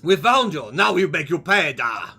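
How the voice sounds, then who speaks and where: A man's voice: on the high side, big pitch swings, normal speed, vocal fry, sharp tone, a little hiss or hum, exaggerated voice. A man voicing a menacing sailor in a fake Russian accent, exaggerated and mock-threatening.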